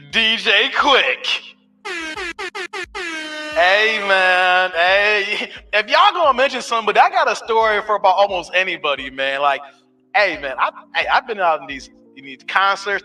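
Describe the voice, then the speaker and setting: A man's voice: high voice, bright, forceful tone. A man in his forties hosting a casual live stream, telling loose stories full of street slang and swearing. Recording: distant mic with faint music.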